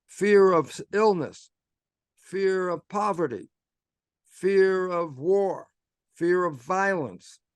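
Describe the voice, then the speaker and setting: Older male guest, lively explainer, slightly high voice, dry sound. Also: slow pace, clear, resonant tone, no echo. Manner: animated, acts out his own inner dialogue. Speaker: guest speaker. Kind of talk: conversational explanation.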